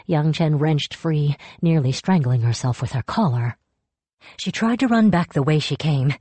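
A woman narrating a fantasy story in a measured, steady way, close to the mic. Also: low-pitched, slightly rough, no echo. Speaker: audiobook narrator. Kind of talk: scripted narration.

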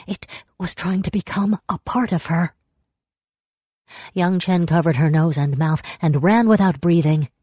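A woman narrating a fantasy story in a measured, steady way, close to the mic. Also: low voice, husky, no echo. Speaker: audiobook narrator. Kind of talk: scripted narration.

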